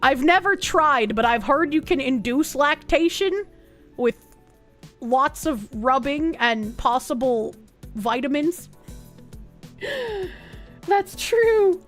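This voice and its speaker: A woman's voice: high-pitched, lively intonation, takes it slowly, pauses often, faint music behind. A young woman casually chatting on a livestream, reading chat aloud, bawdy and joking, often laughing.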